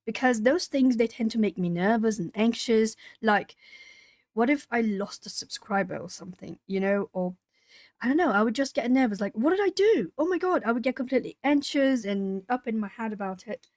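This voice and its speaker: A woman hosting a live art-channel stream, chatting casually with viewers and breaking into lively retold exchanges. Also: fairly high pitch, normal speed, no echo. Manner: chatty, talking to chat while colouring; animated when retelling stories. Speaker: YouTube art channel host. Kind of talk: casual livestream chat.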